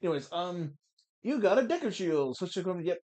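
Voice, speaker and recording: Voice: medium pitch, very animated, fast talker, a little mellow. A let's-play gamer chatting casually through a playthrough, wry and swearing now and then. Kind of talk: casual game commentary.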